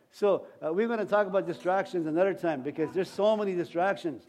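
A man's voice: sits high, brisk, noisy background. A man preaching a sermon as pastor, in a folksy, rambling way with many restarts.

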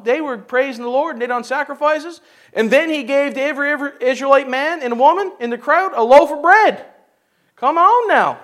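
A man preaching a sermon, animated and joking, with folksy asides and laughter. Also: very high voice. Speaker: pastor.

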